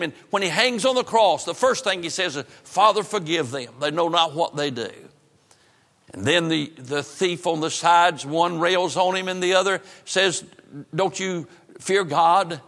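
Fervent preacher with a high, bright voice. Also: male voice. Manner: fervent preaching with repetitions, drops to a hush at solemn lines. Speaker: pastor. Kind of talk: sermon. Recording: preaching in a reverberant church hall.

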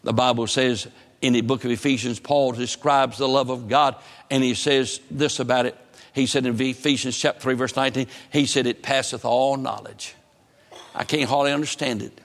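A man preaching a sermon with an earnest, emphatic cadence, driving home his points with repeated phrases. His mid-pitched voice rings out in a church sanctuary with a long, lingering reverb. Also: steady tone, moderate pace. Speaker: pastor.

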